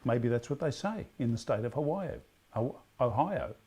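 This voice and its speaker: An Australian man runs a casual pub quiz at a mid-range pitch. He draws each question out slowly for emphasis. Between questions he rambles, trips over his words and corrects himself. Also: lively intonation, mellow, slightly rough. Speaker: quiz host.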